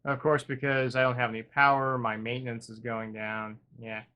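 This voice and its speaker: A man hosting a gaming video, thinking aloud in casual commentary with wry, self-deprecating humor, drifting between upbeat remarks and quiet muttering. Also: medium pitch, little pitch movement, moderate pace, smooth, highs cut off. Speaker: gaming channel host.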